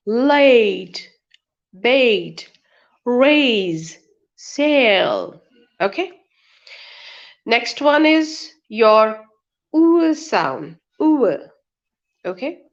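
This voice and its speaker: Slow-drilling woman teaching pronunciation. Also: mid-range voice, animated, highs cut off. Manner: slow, drawn-out word drills with repeated examples. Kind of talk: online webinar lesson.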